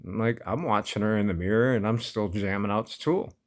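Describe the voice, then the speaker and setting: Amused man telling a story, low voice. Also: brisk. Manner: laid-back, amused, laughs often. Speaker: vlogger. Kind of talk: casual storytelling.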